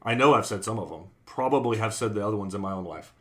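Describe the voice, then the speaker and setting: A man's voice: fairly low pitch, expressive, quick pace, fairly bright tone. A man preaching in a conversational Bible class style, earnest, repeating his phrases and acting out quoted sayings.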